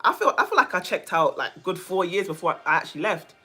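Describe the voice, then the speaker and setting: A woman vlogger talking casually to her viewers, animated and emphatic, often repeating phrases for stress. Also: on the low side, a little fast, breathy edge. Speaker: vlogger, self-care coach. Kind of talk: casual chat to camera.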